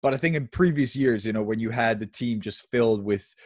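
A man's voice: medium pitch, fairly quick, no echo, studio quality. A man co-hosting a football podcast, chatting casually with frequent laughs and hedging asides. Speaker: podcast co-host.

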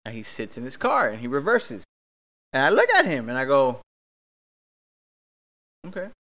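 A young man from hosts a casual podcast. His storytelling is excitable and full of swearing, and he acts out every exchange as he retells it. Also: mid-range voice, a little fast. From Miami, Florida. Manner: profane, excitable, acts out the dialogue. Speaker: podcast host. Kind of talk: animated storytelling.

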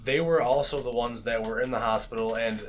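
A man's voice: medium pitch, fairly even intonation, a little fast, a loud crowd. A man co-hosting a casual podcast, rambling with many "like" fillers. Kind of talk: casual chat.

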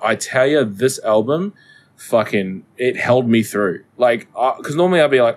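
A man's voice: mid-range voice, animated, normal speed. A man co-hosting a casual podcast, rambling and swearing as he chats. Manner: rambling, sweary, self-mocking. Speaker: podcast co-host. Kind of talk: casual chat.

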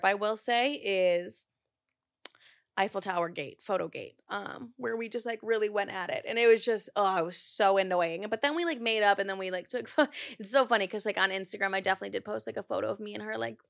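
A woman hosting a podcast in casual chat, talking fast and loose with lots of "like" and swearing, and getting heated as she tells a story. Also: medium pitch, vocal fry, dry recording, clean studio sound. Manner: chatty, profane, heavy use of "like"; gets heated while telling a story. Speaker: podcast host.

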